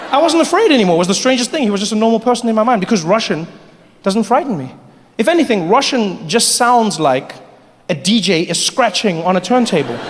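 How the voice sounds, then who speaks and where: Male stand-up, chatty and animated, live crowd. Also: extremely high pitch. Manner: animated, conversational. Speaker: stand-up comedian. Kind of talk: stand-up comedy. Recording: echoey hall with audience.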